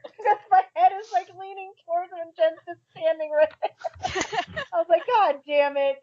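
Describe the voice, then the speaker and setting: A woman telling an excitable story during a casual podcast chat. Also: very high-pitched, moderate pace, highs cut off.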